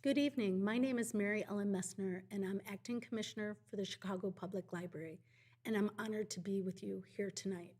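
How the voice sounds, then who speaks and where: A woman's voice: mid-range voice, fairly even intonation, brisk, a little mellow, soft background music. Polished woman official giving remarks. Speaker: acting library commissioner. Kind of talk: formal ceremony remarks.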